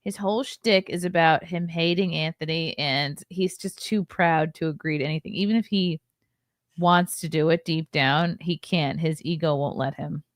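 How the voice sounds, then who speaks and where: A woman's voice: sits low, fairly even intonation, normal speed, no room sound, clean studio sound. A woman hosting a podcast, chatting casually and mocking the man in a video she is reacting to. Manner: blunt, mocking. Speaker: podcast host.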